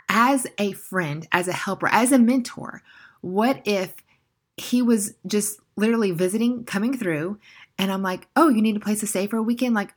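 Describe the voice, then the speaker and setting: Earnest young woman podcast host. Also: medium pitch. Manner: earnest, encouraging, conversational. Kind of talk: casual faith podcast monologue.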